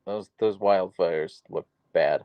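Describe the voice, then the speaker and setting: A man's voice: sits low, slow pace, smooth, no room sound, muffled recording. A man hosting a casual livestream, chatting easily as he reads out and answers viewer comments about his dogs. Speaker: livestream host and dog owner.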